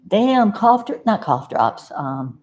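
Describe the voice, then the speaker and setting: A South Florida woman vlogs casually to camera in a folksy, rambling way, talking aside to her dog and breaking into sudden loud outbursts she then sheepishly apologizes for. Her mid-range voice is very animated and slow.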